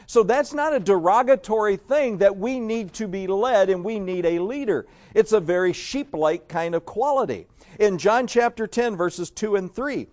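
A man's voice: high-pitched, lively intonation, moderate pace, darkish tone. A man preaching a sermon to his congregation in a folksy, conversational way, full of rhetorical questions. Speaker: pastor.

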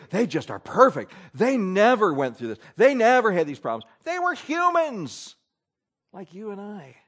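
Preaching with emphasis, this man moves back and forth from booming pronouncements to quiet asides, his pitch on the high side.

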